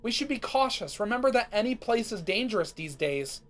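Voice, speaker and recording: A man's voice: sits high, very animated, fairly quick, voice pushed up. A man voicing a proud, blunt young female pony who hides her feelings. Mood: guarded. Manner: curt and blunt.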